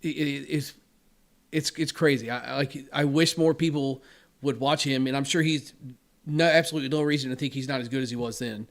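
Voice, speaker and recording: A man's voice: medium pitch, fairly even intonation, a little fast. A man chatting as a podcast guest, talking enthusiastically and rambling with lots of "dude" and "like". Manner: enthusiastic, rambling with fillers and restarts. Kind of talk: casual podcast chat.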